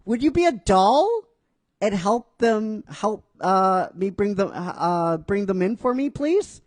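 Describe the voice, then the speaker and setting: Sweet pleading ninja girl, voice jumping way up high, guy doing the voice, dry close sound. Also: lively intonation, slow, dry recording. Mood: sweet coaxing. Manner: sugary, pleading requests. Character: young woman ninja, sweetly coaxing.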